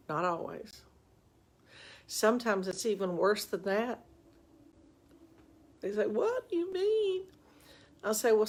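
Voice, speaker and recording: An older woman, a relationship coach, giving chatty, folksy advice on a live stream with self-mocking asides, into a webcam. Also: medium pitch.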